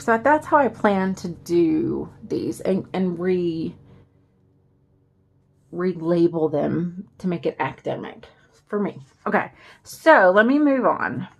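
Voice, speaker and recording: A woman's voice: on the low side, gravelly, a little hiss or hum. A woman with a Southern US accent, chatting casually and rambling as she walks through her planner setup. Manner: rambling, chatty, with fillers and asides. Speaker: planner vlogger.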